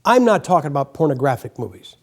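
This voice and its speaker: A man's voice: a little high, big pitch swings, fast. An older man preaching a folksy, joking sermon in a church, acting out quotes as he goes. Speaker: guest preacher. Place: church sanctuary.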